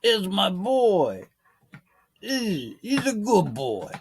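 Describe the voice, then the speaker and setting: A man's voice: high voice, huge pitch swings, extremely slow, a little hiss or hum, voice pushed up, heavily acted. A man putting on a voice as an old-movie gangster doting on his dog, with a drawled, sing-song wiseguy delivery.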